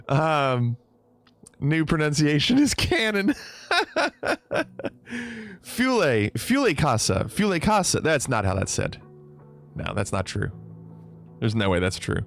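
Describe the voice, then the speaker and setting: A playful man chats with his viewers, his pitch swinging widely as he teases and laughs. Soft music plays faintly in the background. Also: very animated, takes it slowly, creaky, long pauses. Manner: playful, teasing, laughs often. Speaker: streamer. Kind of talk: casual livestream chat reading viewer comments.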